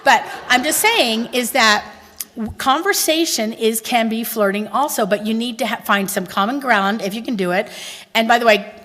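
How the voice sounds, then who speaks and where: A woman's voice: on the high side, normal speed. Chatty Texan woman in a big hall. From Texas. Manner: chatty, animated storytelling with audience questions. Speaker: conference speaker. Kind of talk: conference talk. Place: large conference hall. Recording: reverberant hall.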